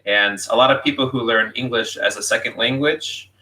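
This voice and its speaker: A man, a guest in a casual conversation, explaining things in a dry, measured way. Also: medium pitch, bright, forceful tone, recorded from a distance. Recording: voice from farther off the mic.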